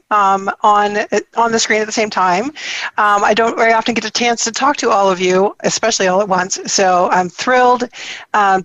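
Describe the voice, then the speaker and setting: A woman's voice: medium pitch, dry recording, poor audio. Thoughtful woman guest, hesitant delivery. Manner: thoughtful, many ums and restarts. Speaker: guest, corporate digital enablement lead. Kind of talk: remote guest commentary.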